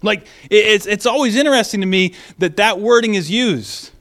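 A man preaching a sermon in a casual, animated way, reading scripture and praying. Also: high-pitched, moderate pace. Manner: casual, animated teaching with restarts. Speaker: pastor.

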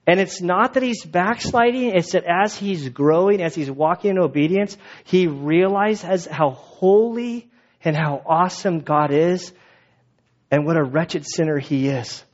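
A male pastor preaches with a voice pitched a little high for a man, and his delivery stays lively as he slips into the voices of the people he quotes. The recording is dull and lo-fi. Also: a little slow. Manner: animated, acts out quoted voices. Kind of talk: sermon.

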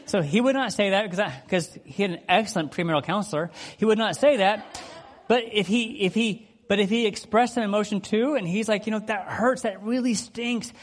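A man's voice: high voice, a little fast. A man preaching a casual, conversational sermon, acting out the people in the story as he goes. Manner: conversational, animated, acts out quotes. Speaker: pastor.

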